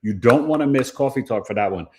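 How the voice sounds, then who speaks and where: A man hosting a home livestream in casual chat, playful and slangy, dropping rhymes and acting out quick quoted voices. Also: mid-range voice, animated. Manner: playful, slangy, rhyming asides. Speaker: astrology livestream host.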